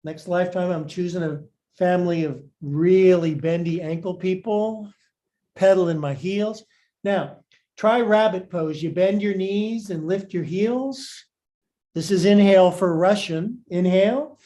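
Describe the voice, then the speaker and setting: Here a male yoga instructor guides a live session, his tone high-pitched but soft and leisurely. Jokes and goofy remarks punctuate every pose cue, and his breath runs short as he practices with the group.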